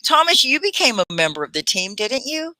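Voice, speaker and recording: Woman, ESL livestream host, patient pronunciation drills, crisp bright tone, dry. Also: high voice, sing-song, no echo. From United States. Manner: slow, clear spelling and pronunciation drills. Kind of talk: casual teaching chat.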